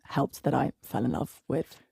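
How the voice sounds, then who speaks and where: A woman in her thirties with a southern English accent, telling stories in a lively, chatty interview and laughing often. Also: very deep voice, normal speed, vocal fry, breathy edge, dry recording, studio quality. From England. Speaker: guest songwriter. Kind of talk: casual interview chat.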